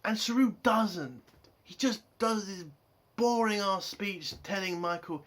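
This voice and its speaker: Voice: mid-range voice, measured pace, fairly bright tone. Profane, exasperated ranting reviewer. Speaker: TV show reviewer.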